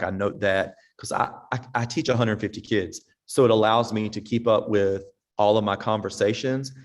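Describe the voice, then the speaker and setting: A man's voice: on the low side, steady tone, normal speed, few pauses. A man, a veteran teacher giving a casual talk to other teachers in a folksy, direct way. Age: 50s. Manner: folksy and direct, acts out parents and sings snippets. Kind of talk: casual conference talk with audience questions. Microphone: online presentation mic.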